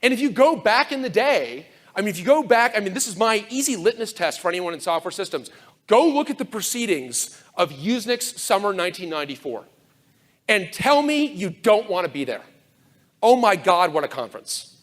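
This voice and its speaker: A man giving a conference talk to a live audience, sardonic and animated, full of fast asides and mock quotes. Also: sits high. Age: older. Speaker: conference speaker.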